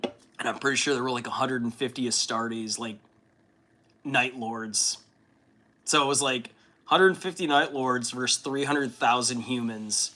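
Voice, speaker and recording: A man's voice: medium pitch, unhurried, pushed and bright. A man hosting a casual hobby livestream, rambling and swearing with lots of fillers and laughs. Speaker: livestream host. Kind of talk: casual chat during a hobby stream.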